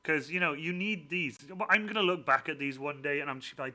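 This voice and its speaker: A man hosting a casual livestream Q and A, excitable and gushing, quick to laugh. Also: a little high. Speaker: livestream host.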